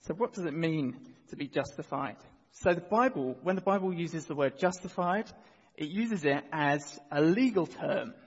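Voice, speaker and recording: Husky-voiced man preaching in an echoing hall. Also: a little high, expressive, normal speed, lo-fi sound. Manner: earnest, vivid storytelling, leads the congregation in reading. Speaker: pastor. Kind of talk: sermon. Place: church.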